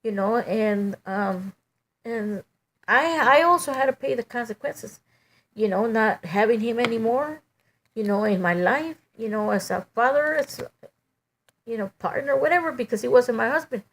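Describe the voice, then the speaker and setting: A middle-aged woman giving a halting, emotional personal testimony, full of "you know" and restarts. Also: a little high, animated.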